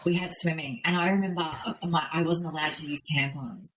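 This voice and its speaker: Low-voiced chatty woman host. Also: fairly even intonation, a little fast, a bit bright, slight background noise, rough recording. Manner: candid, chatty, full of restarts and "like". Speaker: podcast host. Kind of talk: casual interview chat.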